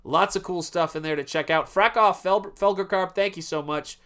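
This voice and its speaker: Guy running a late night stream, rambly and excitable, voice a bit on the high side. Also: normal speed, clean tone. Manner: rambling, animated, self-interrupting. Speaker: livestream host and artist. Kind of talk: casual live-stream chat.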